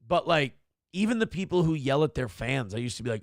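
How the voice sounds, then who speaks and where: A man in his forties hosts a morning talk show, telling profane, rambling, animated stories in a casual chat style. His voice is medium-pitched and fairly quick, with clean studio sound and no echo.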